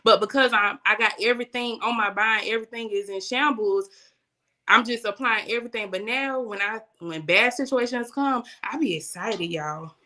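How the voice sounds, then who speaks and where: A young woman with a bright, clear voice pitched a little high tells stories casually. She is animated and laughs often, slipping into everyday vernacular. She talks about faith and daily life as a guest. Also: moderate pace. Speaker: guest, business owner.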